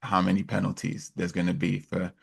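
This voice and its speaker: Gravelly, husky deep-voiced man. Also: completely flat delivery, brisk. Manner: rambling, hesitant, repeats words. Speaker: podcast co-host. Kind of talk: casual chat.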